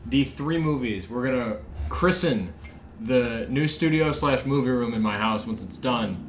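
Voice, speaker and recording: A man's voice: medium pitch, measured pace, a little hiss or hum. A man co-hosting a podcast in casual chat with joking, wisecracking banter, a bit tipsy from drinking. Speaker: podcast co-host. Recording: roomy echo.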